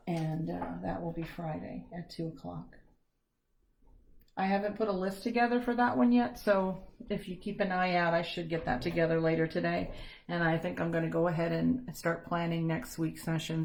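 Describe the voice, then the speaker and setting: A woman art teacher leads a step-by-step painting lesson from home. Her voice sits low with a gravelly fry. She talks in a chatty, self-deprecating way and slips in corny jokes. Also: a little hiss or hum.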